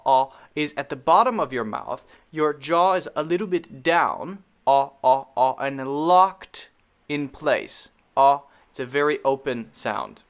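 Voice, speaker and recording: Male American pronunciation teacher, slow and lively, drills each vowel sound over and over. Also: mid-range voice. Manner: drawn-out drilled vowel sounds, repeated slowly. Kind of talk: pronunciation lesson.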